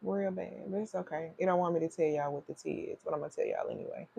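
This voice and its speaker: A woman's voice: lowish voice, very animated, fast talker, creaky, few pauses, dark tone, a little hiss or hum. A woman hosting a casual livestream as a leadership coach, chatty and welcoming, greeting viewers over and over as they join. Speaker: feminine leadership strategist, livestream host.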